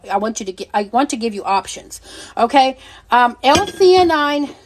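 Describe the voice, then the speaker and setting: A middle-aged woman hosting a casual livestream, talking bluntly and animatedly, swearing freely and laughing often. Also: high voice. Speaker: livestream seller and host.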